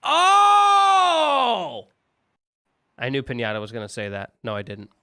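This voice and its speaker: A man hosting a casual live stream, joking and chatting in an animated way while watching old commercials. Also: on the low side, very fast, clear, resonant tone. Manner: animated, jokey, apologetic asides. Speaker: stream host.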